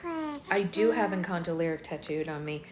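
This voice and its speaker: A chatty woman with a fairly low voice, hosting a live online book club while getting over a cold. She talks casually and answers viewer comments. A faint hum of room noise sits behind her. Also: fairly quick, a little mellow. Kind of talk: casual livestream chat.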